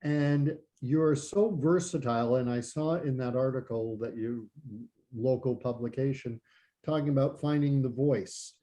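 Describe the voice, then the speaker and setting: A middle-aged man from New Jersey hosts a casual interview. His voice is warm and dark at a middle pitch, and he throws out friendly, eager follow-up questions. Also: measured pace, rough recording. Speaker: host.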